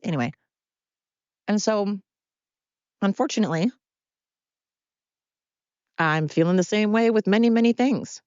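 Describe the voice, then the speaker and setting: A woman's voice: mid-range voice, measured pace, long pauses, a little mellow, clean tone, no echo, muffled recording. A tired woman hosting her podcast at home, talking in a rambling, candid monologue. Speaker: podcast host. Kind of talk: casual personal monologue. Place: at home with pets.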